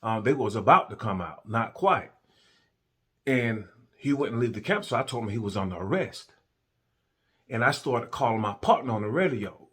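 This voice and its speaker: A middle-aged man, a former police officer, casually telling a story in an animated, colloquial way. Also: medium pitch, normal speed.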